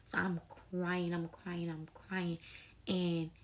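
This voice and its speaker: A young adult woman telling a personal story in a casual storytime vlog, animated and emotional, with plenty of slang. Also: lowish voice, slow pace, dull audio.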